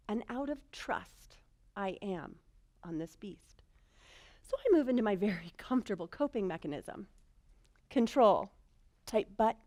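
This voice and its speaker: A woman telling a personal story in a talk, animated and self-mocking, swinging between hushed lines and loud bursts. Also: high-pitched. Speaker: speaker.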